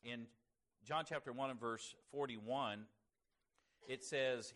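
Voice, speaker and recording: A man giving an evening Bible lesson to a congregation. He speaks in a measured way and slows down to stress key words when he reads scripture. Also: mid-range voice, a bit bright. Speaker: preacher.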